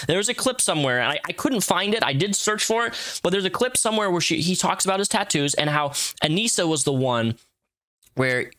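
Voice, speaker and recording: A man's voice: fairly high pitch, bright, forceful tone. A man in his thirties giving casual, rambling commentary with frequent restarts and fillers. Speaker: commentary youtuber.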